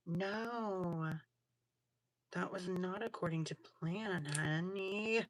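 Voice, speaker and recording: A woman's voice: lowish voice, drawn-out words, long pauses, no room sound. A woman hosting a casual livestream, chatting in a sassy, slangy way while crafting jewelry. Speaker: livestream host.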